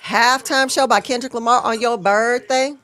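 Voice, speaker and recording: A woman's voice: on the high side, fairly even intonation, moderate pace, fairly bright tone. A woman co-hosting a live stream, chatting casually and teasing her co-host. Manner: teasing, light laughter.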